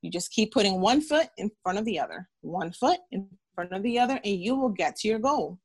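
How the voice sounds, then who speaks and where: A woman's voice: medium pitch, expressive, fairly quick, breathy edge. A woman in her thirties, a physician guest in an interview, talking earnestly and encouragingly, repeating phrases and acting out quotes. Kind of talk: interview storytelling.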